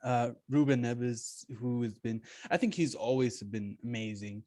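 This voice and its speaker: A man talking casually about a football squad, hesitant, searching for words with many pauses. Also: mid-range voice, warm tone, no room sound, clean studio sound. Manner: hesitant, many fillers and restarts. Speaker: guest football fan. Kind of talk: casual chat.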